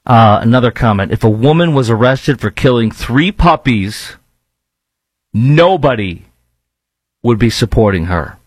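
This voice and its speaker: A man's voice: mid-range voice, animated, a little slow, breathy edge, no echo, low-quality recording. A man with a Chicago accent hosting a blunt, scornful opinion commentary, rambling with fillers between points. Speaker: commentary host.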